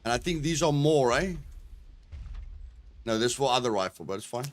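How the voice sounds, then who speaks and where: A man streaming a video game live, talking to his chat with sudden excited exclamations. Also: medium pitch, moderate pace. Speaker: gaming streamer. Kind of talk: live gameplay commentary.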